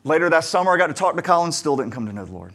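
Earnest man preaching, slightly high voice. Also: big pitch swings, racing. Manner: earnest, conversational, swings between quiet asides and emphatic questions. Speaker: pastor. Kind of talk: sermon with personal storytelling.

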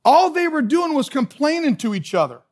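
A man's voice: extremely high pitch, very animated, normal speed, a little mellow. A man preaching a sermon as pastor, earnest and emphatic, often repeating his phrases for stress. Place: church sanctuary.

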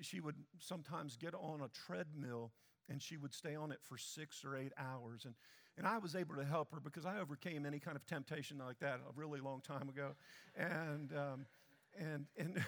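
A man's voice: fairly high pitch, vocal fry, a bit bright, big-room sound. A man preaching a sermon in a church, speaking emphatically and putting questions straight to the congregation. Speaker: pastor. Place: church sanctuary.

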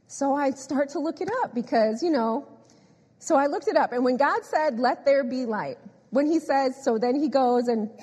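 A woman's voice: high voice, breathy edge. Emphatic woman preaching in an echoey hall. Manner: animated, emphatic, laughs often, repeats phrases. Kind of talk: sermon. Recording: echoey hall with long reverb.

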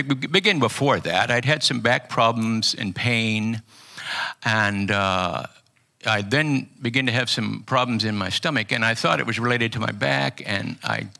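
An older man preaching an earnest personal testimony sermon, halting often with restarts. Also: mid-range voice, vocal fry, bright, forceful tone. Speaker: pastor.

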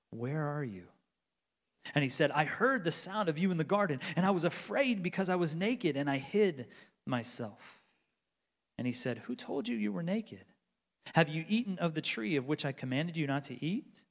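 Earnest pastor preaching, hall echo. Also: male voice. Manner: earnest, builds to emphatic bursts then drops low. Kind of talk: sermon. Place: church sanctuary. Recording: long hall reverb.

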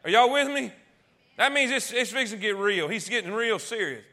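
A man leads a Bible study, reading scripture and then breaking into emphatic, conversational explanation. His voice sits high and sounds bright, and his talk is full of restarts. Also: a little fast.

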